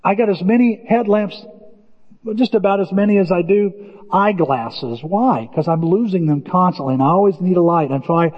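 A middle-aged male pastor with a high voice preaches a relaxed, conversational sermon. He tells stories in a folksy way and jumps into animated voices for the quotes. The sound is dull and lo-fi, with the long echo of a big hall. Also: moderate pace.

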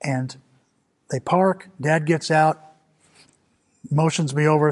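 A man's voice: fairly high pitch, slow, long pauses. A male pastor preaching a sermon, telling a personal story in an earnest manner full of repetition and sudden swells of emphasis.

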